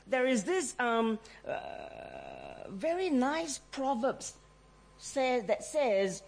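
A middle-aged woman preaching in a fairly high voice. She tells her stories with animation, slips into the voices of the people she quotes and laughs often. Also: huge pitch swings, very slow, gravelly, slight background noise. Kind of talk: sermon.

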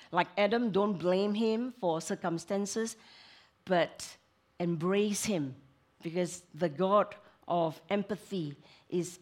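A woman who is a counselor, preaching a sermon in an expressive way, moving between emphatic lines and hushed asides. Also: fairly low pitch.

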